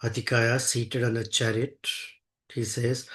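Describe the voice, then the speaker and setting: A man's voice: medium pitch, slow. A man telling a sacred epic in a devotional discourse, chanting Sanskrit verses and then explaining them in English, earnest and emphatic. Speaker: scripture teacher. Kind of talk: devotional scripture storytelling.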